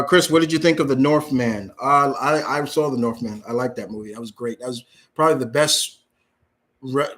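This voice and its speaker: Young guy hosting a live question stream, mid-pitched, reads questions out, answers blunt and easygoing. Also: fairly bright tone. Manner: reads viewer questions aloud then answers casually and bluntly. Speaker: host answering viewer questions. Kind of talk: live Q&A chat.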